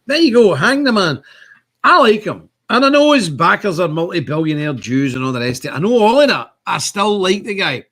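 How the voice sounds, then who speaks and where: A man's voice: high voice, big pitch swings, fairly quick, a bit bright. An older man hosting a casual political commentary stream, rambling and emphatic, reading viewer comments aloud. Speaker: show host.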